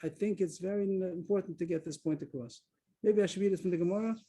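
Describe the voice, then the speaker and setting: A man's voice: high voice, quick pace, dark tone, slight background noise, rough recording. A man teaching a Talmud class over a video call, explaining a text step by step and stressing key words. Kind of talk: online Talmud lesson. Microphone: video call mic.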